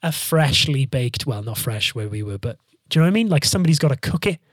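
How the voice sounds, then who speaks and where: A man's voice: mid-range voice, fast talker, no echo, studio quality. A young man and band frontman telling a travel story in a casual monologue, swearing freely and acting out what people said. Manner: swears freely, animated, acts out quotes. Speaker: band frontman hosting a podcast.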